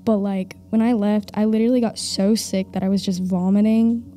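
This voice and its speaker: Speaking fairly quickly in a warm, medium-pitched voice with fairly even intonation, a young adult Oklahoma woman tells a rambling, filler-heavy story with nervous laughs. She's an audience member on the stage of a live castle event.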